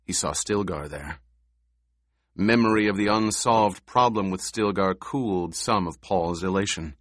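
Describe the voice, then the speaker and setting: A man narrating an audiobook with steady, even storytelling. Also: deep voice, measured pace, no room sound, clean studio sound. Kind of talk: scripted narration.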